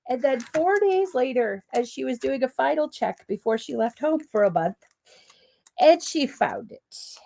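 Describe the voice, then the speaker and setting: A woman's voice: high voice, animated, normal speed, creaky, a little mellow, slight background noise. A woman with a Canadian accent hosting a live crafting demo, rambling in a friendly way while she has a cold and a cough. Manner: rambling, friendly, lots of ums and asides. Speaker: crafting livestream host.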